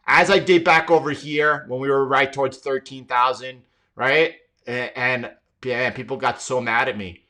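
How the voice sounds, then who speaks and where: A man's voice: medium pitch, steady tone, normal speed, bright, forceful tone. A man hosting a live trading stream, talking emphatically and often repeating and restarting his words. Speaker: trading livestream host. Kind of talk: live market commentary.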